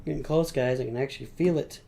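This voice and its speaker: A man's voice: medium pitch, fast talker, gravelly, warm tone, slight background noise. A middle-aged man streaming live, chatting casually as he builds and referring to himself in the third person. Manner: rambling, talks about himself in third person.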